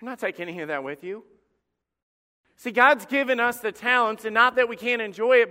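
Male pastor, high, forceful voice, emphatic repeating sermon delivery, long hall reverb. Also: a little fast. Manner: emphatic preaching, repeats key phrases. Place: church sanctuary.

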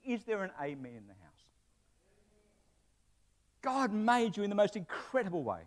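A man's voice: high voice, very animated, moderate pace. A man preaching a sermon to his church in a conversational way, with asides and humor. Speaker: pastor; broadcast presenter.

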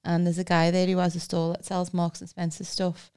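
A woman with a Liverpool accent chats on a podcast with a smooth, resonant voice. She tells stories in a lively way and often acts out the voices of the people in them. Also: on the low side, fairly quick. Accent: Liverpool (Scouse). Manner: storytelling, animated, acts out voices with laughs. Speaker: podcast co-host. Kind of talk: casual chat.

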